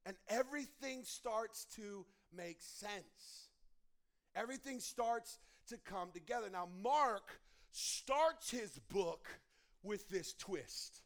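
A young man delivers a sermon in a fairly high voice. He talks in an animated storytelling way, often restarting his sentences. His energy rises and falls as he builds toward his point. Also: slow. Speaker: pastor.

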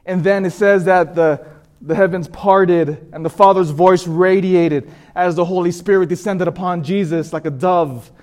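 A man delivers a sermon testimony with raw emotion. He talks in a halting way, repeating words as he pleads with his listeners, and his voice sits a little high for a man. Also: steady tone, darkish tone. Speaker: preacher giving testimony.

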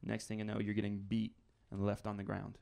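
A man's voice: fairly low pitch, completely flat delivery, brisk, creaky, darkish tone. A man preaching a conversational sermon as pastor, building scenarios with rising intensity.

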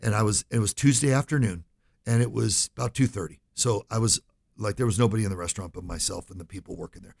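A man's voice: lowish voice, quick pace, vocal fry, darkish tone. A middle-aged man, a financial advisor, telling a story in an interview and acting out the voices he quotes.

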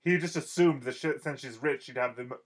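A man's voice: medium pitch, fast talker. A man co-hosting a podcast, casually explaining anime scenes in an eager way with frequent restarts. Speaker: podcast co-host. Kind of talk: casual chat recapping an anime.

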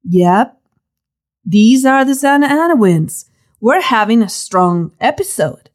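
A woman voicing a calm, matter-of-fact police dispatcher while telling her story. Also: a little high, unhurried, husky. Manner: flat and unbothered.

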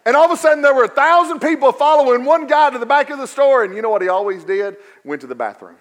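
Preacher guy, high voice, goes soft then loud and punchy, sermon. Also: animated, fast talker. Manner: emphatic preaching, swings from quiet to raised. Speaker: pastor.

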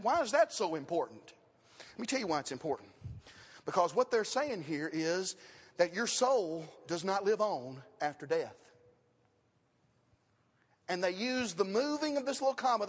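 A man's voice: high voice, breathy edge. A man preaching a sermon and teaching his congregation, with questions and emphatic repetition. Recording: long reverb of a hall.

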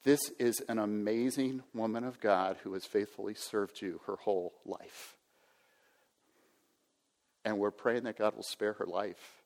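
A pastor, an older man in his sixties, gives a sermon in a low, steady voice at a slightly slow pace. He speaks with earnest conviction, occasionally acting out a pompous inner voice, while a church hall's long reverb trails his words.

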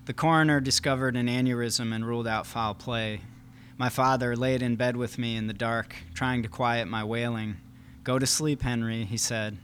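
A man's voice: mid-range voice, a little hiss or hum. A man, the author, answering questions with many fillers and then reading a passage from his first novel at a live event. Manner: hesitant when talking, steady when reading.

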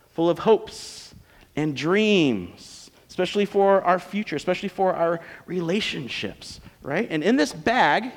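A man with an American accent preaching a sermon as a pastor, conversational and joking. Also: fairly high pitch. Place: church auditorium. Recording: long reverb of a church hall.

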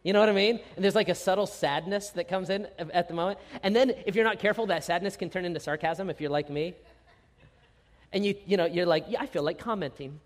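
A man's voice: high voice, fast, big-room sound. A middle-aged man pastor delivering a sermon with self-deprecating humor and acted-out asides.

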